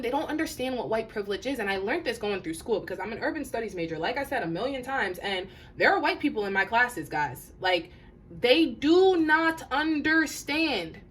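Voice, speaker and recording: A woman's voice: on the high side, a bit bright, slight background noise. Earnest rambling woman tarot reader. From Detroit area. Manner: rambling, earnest, many restarts and fillers. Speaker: spiritual advisor doing a tarot reading. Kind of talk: casual tarot reading to camera.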